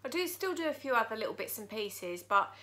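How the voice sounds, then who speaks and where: Woman vlogger, bright tense voice, shaken but candid, talking to camera from her living room. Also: on the high side, very animated. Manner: emotional, halting, candid. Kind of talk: personal vlog talking to camera.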